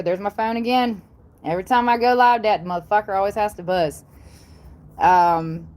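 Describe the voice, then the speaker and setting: A woman's voice: on the low side, darkish tone, slight background noise. A woman from the American South with a Southern accent, chatting casually on a livestream, rambling and repeating herself with lots of ums and blunt asides. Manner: rambling, repetitive, blunt with frequent ums and mild swearing. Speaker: YouTuber on a livestream.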